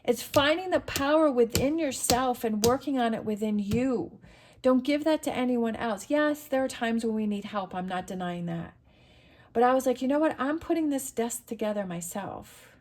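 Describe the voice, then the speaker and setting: A woman's voice: a little high, animated, moderate pace, a little mellow. Earnest motivational woman tarot reader. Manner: earnest, motivational, repeats phrases. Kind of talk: encouraging tarot reading to camera.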